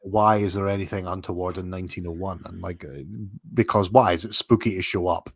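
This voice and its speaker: A man co-hosting a live podcast in casual chat, musing and analytical, with thinking pauses. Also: deep voice, fairly even intonation, husky, dry recording, studio quality. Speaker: podcast co-host.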